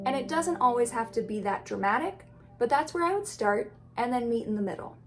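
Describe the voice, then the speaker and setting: A woman's voice: a little high, animated, normal speed, over loud music. A woman teaching ukulele in a casual, friendly tutorial, explaining rhythm and counting beats aloud. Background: ukulele strumming.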